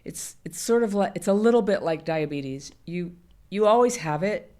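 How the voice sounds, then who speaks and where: A woman's voice: on the low side, lively intonation, normal speed, mellow. A middle-aged woman, a guest in an interview, talking candidly and animatedly, often laughing. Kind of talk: conversational interview.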